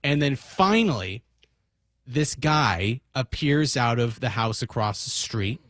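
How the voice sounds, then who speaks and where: A man's voice: mid-range voice, slow, dry recording, clean studio sound. A man co-hosting a talk radio show, telling a self-mocking comic story and acting out both sides of the conversation. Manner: animated, self-mocking, acts out dialogue. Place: radio studio. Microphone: studio microphone.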